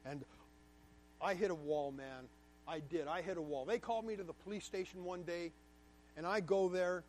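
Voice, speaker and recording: Guest speaker, male, higher-pitched, emphatic and candid, personal storytelling to a class. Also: a little mellow, slight background noise. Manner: emphatic, candid, repeats words for stress.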